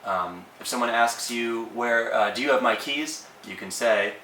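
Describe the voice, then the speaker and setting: A man teaching language tones in a casual, relaxed lesson, with plenty of ums and uhs. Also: medium pitch, normal speed, echoey room, far from the mic, a little hiss or hum, poor audio.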